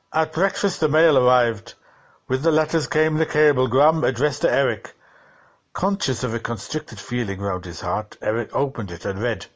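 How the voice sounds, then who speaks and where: A man reading a short story aloud in a measured, dramatic audiobook style. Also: mid-range voice. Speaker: narrator. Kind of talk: audiobook narration.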